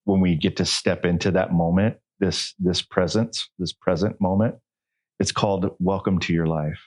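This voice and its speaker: Male guest, very low and husky voice, reflective delivery. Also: fairly even intonation, moderate pace, darkish tone. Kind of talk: casual podcast conversation.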